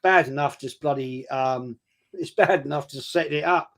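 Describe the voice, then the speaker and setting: A man's voice: fairly high pitch, moderate pace, a bit bright. Easygoing, self-deprecating man on a stream. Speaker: stream co-host. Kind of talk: casual stream chat.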